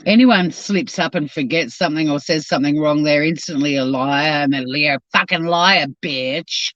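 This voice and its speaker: A woman's voice: deep voice, normal speed, a bit bright. A sweary Australian woman chats bluntly as she drives and reacts to her live chat. The sound is muffled and lo-fi, with no room echo at all. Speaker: livestream host reading chat. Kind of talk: casual chat while driving. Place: car. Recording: dull, dry lo-fi sound.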